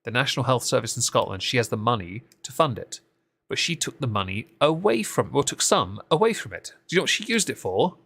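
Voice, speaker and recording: A man's voice: medium pitch, big pitch swings, brisk, gravelly, fairly bright tone. A man co-hosting a casual live-stream political recap, talking into a desk microphone with sarcastic, mocking asides. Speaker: co-host of a political recap show.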